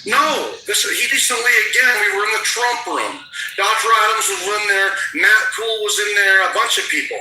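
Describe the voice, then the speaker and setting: Angry high-voiced man, echoey and distant. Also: fairly quick, sharp tone, slight background noise. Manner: angry, defensive, swearing. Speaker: livestream host. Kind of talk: heated argument on a livestream.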